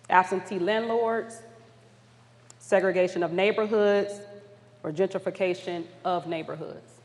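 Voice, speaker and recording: A woman facilitator leading an audience through polling questions at a community summit, upbeat and encouraging. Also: mid-range voice. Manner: upbeat, encouraging, apologetic when flustered. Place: large conference hall. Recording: long hall reverb.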